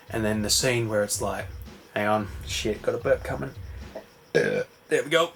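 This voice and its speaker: A man's voice: on the low side, normal speed, creaky, fairly bright tone, a little hiss or hum. A man rambling through a casual recap, full of fillers and swearing. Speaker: vlogger. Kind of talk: casual late-night recap chat.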